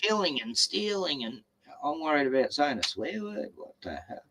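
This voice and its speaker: Australian man, casual rambling talker, slightly raised pitch, stumbles and restarts. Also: very animated, normal speed, bright, forceful tone. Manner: rambling, stammering storyteller who swears. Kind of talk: casual chat.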